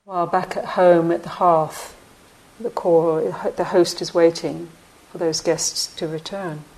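A woman meditation teacher giving a dharma talk in a slow, reflective way with frequent pauses. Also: on the low side, steady tone, darkish tone, rough recording.

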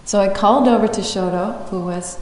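A woman giving a dharma talk as a meditation teacher, telling a story in a reflective, unhurried way and laughing often. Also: mid-range voice, darkish tone, slight background noise. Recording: echoey hall with faint ambience.

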